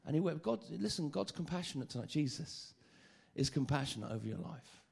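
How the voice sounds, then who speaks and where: A man preaching a sermon, lively and joking, often stammering and repeating phrases. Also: on the high side, fairly quick, gravelly, slightly rough.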